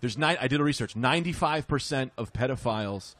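A man's voice: medium pitch, lively intonation, quick pace, fairly bright tone, dry recording. A man on a podcast panel, explaining points in an earnest, matter-of-fact way. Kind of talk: casual banter.

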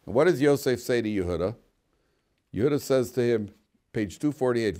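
Brisk and medium-pitched, a rabbi lectures his class in a study hall on the weekly Torah portion. He reads the Hebrew text, then translates it, keeping things animated with jokes along the way.

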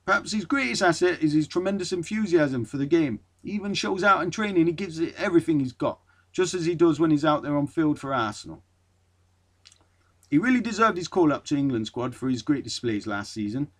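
A man putting on a clumsy northern accent to read a blunt footballer's praise of a teammate, forceful and clipped. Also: a little high, expressive, fairly quick. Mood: insistent. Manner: attempted Geordie accent, clipped dialect grammar, forceful.

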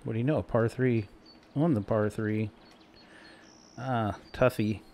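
A man's voice: on the low side, steady tone, unhurried, warm tone, a little hiss or hum. A man playing a golf video game and talking his way through each shot in casual, self-mocking let's-play commentary. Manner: chatty, self-mocking, talks to himself while playing.

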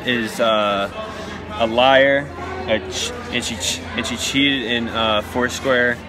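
A young man at a camp, teasing a friend on camera in a hesitant, deadpan joking way. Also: medium pitch, takes it slowly, music in the background. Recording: crowd chatter behind.

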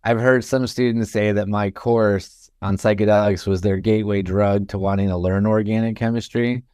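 A man with a low, resonant voice talks through his teaching in a measured, thoughtful way, often pausing on "you know" and "um". He is from Florida and sounds like a university professor. The recording is dry and close to the mic. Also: fairly even intonation, a little mellow, smooth, no echo. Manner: thoughtful, measured, many fillers. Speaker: guest, chemistry professor. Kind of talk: casual interview talk.

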